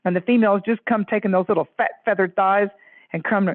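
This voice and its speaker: A woman astrologer, a guest, telling stories in an effusive, animated way and leaping into high voices when she quotes others. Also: quick pace, no echo. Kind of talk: animated storytelling chat. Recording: tinny phone-line audio.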